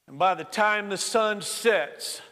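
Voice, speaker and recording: A man's voice: high-pitched, bright, forceful tone, in a large hall, exaggerated voice. A man voicing a boastful male Texas farmer with a big drawl, in a sermon joke. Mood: bragging. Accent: Texas drawl, put on. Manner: bragging, drawn-out.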